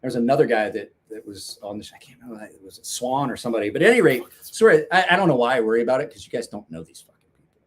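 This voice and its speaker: A man's voice: mid-range voice, lively intonation, racing, slight background noise. A middle-aged man telling crude stories in casual chat, swearing and mimicking the people in them. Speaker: podcast guest telling stories.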